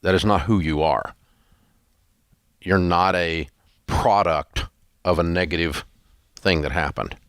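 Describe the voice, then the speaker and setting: A man's voice: low voice, slow pace, pauses often, a bit bright, smooth, no room sound, studio quality. Blunt folksy male talk-show host. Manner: blunt, folksy, rambling with restarts. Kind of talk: casual talk show chat.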